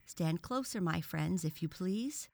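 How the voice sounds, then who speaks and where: A woman's voice: lowish voice, lively intonation, a little slow, vocal fry, a little mellow. A woman voicing a pompous male frog professor who lectures in a formal, stern way. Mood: lecturing.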